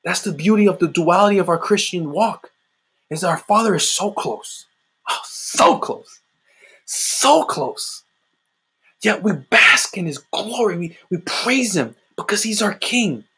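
A man delivers a heartfelt sermon, swinging from urgent emphasis to quiet, intimate asides. His voice sits fairly high and has a husky, breathy grain. He repeats lines for weight and talks to his listeners like friends. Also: animated, normal speed. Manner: impassioned, repetitive, addresses listeners as "guys". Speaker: preacher.

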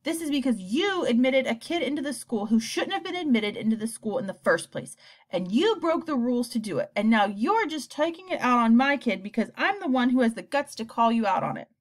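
A woman's voice: a little high, sing-song, pitched above the performer's own voice. A woman voicing an indignant mother who argues sharply and defends her son. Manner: sharp, argumentative, rapid.

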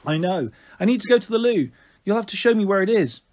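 A man's voice: sits high, expressive, quick pace, a little mellow, a little hiss or hum. A man voicing a bossy, scornful young girl who snaps and sulks. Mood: snappy. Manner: snappy, sulky.

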